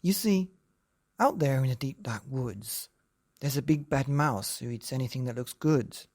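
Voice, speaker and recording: Nervous, sheepish Gruffalo dad, a man voicing him, raised pitch; bedtime story. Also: animated, measured pace, darkish tone. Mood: flustered. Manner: flustered, nervous. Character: big sleepy nervous Gruffalo father.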